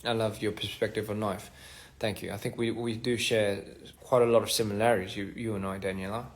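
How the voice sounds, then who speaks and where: Reading fan comments on a phone livestream, a man rambles casually and trails off between thoughts, dropping in soft-spoken asides. His voice is lowish and flat, and he talks a little fast.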